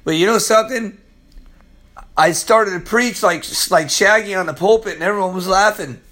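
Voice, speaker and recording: A man's voice: high-pitched, moderate pace, fairly bright tone. A male pastor with a weather-strained voice gives a casual Bible-study sermon, chatty and loose, often dropping "man".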